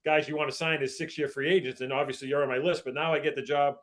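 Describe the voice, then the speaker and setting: Slightly high older man hosting. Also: fairly even intonation, fast, fairly bright tone. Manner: folksy, repeats "so" to push on. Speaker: host, former baseball executive. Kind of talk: casual interview chat.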